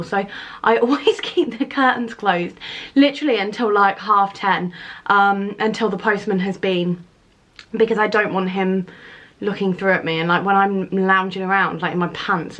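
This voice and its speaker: A woman's voice: medium pitch, a bit bright. A woman with a British accent chatting casually to camera at home in a rambling, waffling way. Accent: British English. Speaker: lifestyle vlogger. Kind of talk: casual vlog chat to camera. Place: at home, indoors.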